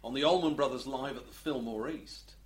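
A man's voice: medium pitch, brisk. A middle-aged man, co-hosting a podcast and telling stories in a rambling, hesitant way. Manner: rambling, hesitant storytelling with restarts. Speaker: podcast co-host. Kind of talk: casual podcast chat.

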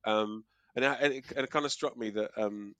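A man's voice: on the low side, fairly quick, fairly bright tone, no room sound. A middle-aged man from Kent with a South East English accent, chatting casually and rambling through a story with fillers and restarts. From Kent, South East England. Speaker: podcast co-host. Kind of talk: casual chat. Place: living in Australia.

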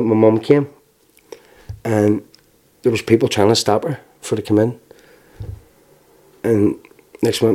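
Man, Northern Irish Belfast accent, mellow dark voice, halting testimony, wry laughs. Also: lowish voice. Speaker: interviewee. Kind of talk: personal testimony.

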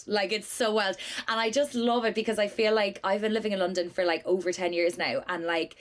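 A woman with a Cork Irish accent chats as a guest on a podcast. She tells stories in a lively, rambling way and scatters "like" through her sentences. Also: fairly low pitch. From Cork, Ireland. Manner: chatty, lively storyteller, many "like" fillers. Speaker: guest, business owner. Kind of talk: casual podcast chat.

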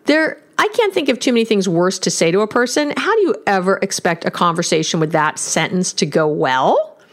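A woman's voice: fairly low pitch, lively intonation, fairly quick. A woman giving relationship advice on a podcast, talking emphatically and acting out sample phrases. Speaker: relationship coach. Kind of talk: solo podcast advice talk.

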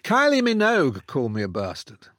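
An older man, a guest, telling a self-mocking anecdote with theatrical swings between loud and hushed delivery. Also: on the high side, wildly swooping pitch, brisk, dry recording, clean studio sound. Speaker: guest author. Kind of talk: storytelling anecdote in conversation.

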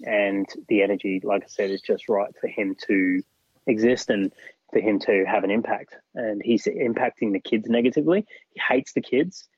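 A man's voice: lowish voice, normal speed, husky, dry recording. A man, a podcast guest, telling a story in casual conversation and often acting out what other people said. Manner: recounts events animatedly, often acting out others' words. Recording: dull lo-fi recording.

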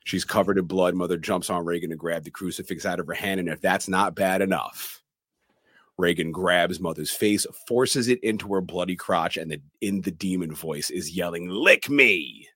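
Deep-voiced man recapping a film. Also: steady tone, normal speed, a bit bright, dry recording, clean studio sound. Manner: retells scenes plainly, acts out quoted lines. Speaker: podcast co-host.

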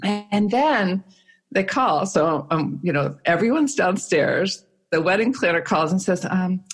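A woman's voice: mid-range voice, lively intonation, a little slow, husky. Candid middle-aged woman telling a story. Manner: frank, self-mocking, with frequent laughs and acted-out quotes. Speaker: guest telling a personal story.

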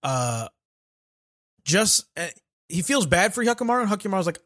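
A man's voice: high voice, sing-song, a bit bright, no echo, clean studio sound. A man on a podcast casually recapping an anime, joking, swearing and acting out quotes. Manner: profane, jokey retelling with quick acted quotes. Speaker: podcast co-host.

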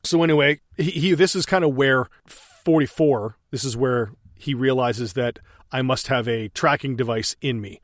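Profane, animated man riffing on a movie. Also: mid-range voice, moderate pace, no echo, clean studio sound. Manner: profane, animated, laughing storyteller. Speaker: podcast co-host reviewing a movie. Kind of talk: casual movie commentary.

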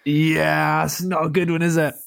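A man's voice: on the high side, little pitch movement, vocal fry, dry recording, clean studio sound. A young man, chatting about football as a podcast co-host, passionate and tumbling over his own words. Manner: passionate, rapid, many restarts. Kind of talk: casual football chat.

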